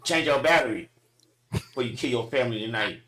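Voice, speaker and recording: A man's voice: medium pitch, brisk, very noisy. A man joking around with his co-hosts in a casual group chat, repeating himself to get a word in.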